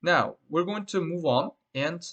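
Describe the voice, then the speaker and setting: Man, teacher; slightly high pitch; loose, filler-heavy explaining. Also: animated, a little slow, fairly bright tone, dull audio. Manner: rambling, with frequent fillers and repeated "right?". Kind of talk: explaining a lesson.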